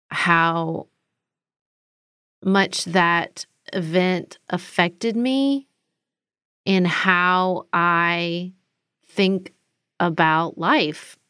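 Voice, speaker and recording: A woman co-hosting a podcast, speaking slowly and earnestly in reflective chat. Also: on the low side, a bit bright, clean tone, no room sound. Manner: slow, earnest, thoughtful. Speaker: podcast co-host.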